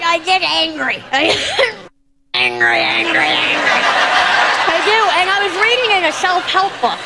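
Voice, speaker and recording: A woman performing a loud, self-mocking stand-up comedy set, often laughing and shouting her punchlines. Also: high voice, background noise.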